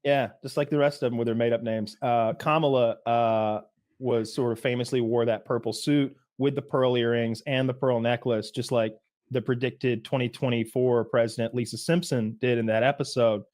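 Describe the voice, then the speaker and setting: A man's voice: mid-range voice, steady tone, moderate pace, darkish tone. A man co-hosting a podcast, chatting casually in a rambling, joking way. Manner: rambling, joking, mimics people he quotes. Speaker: podcast co-host. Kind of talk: casual chat.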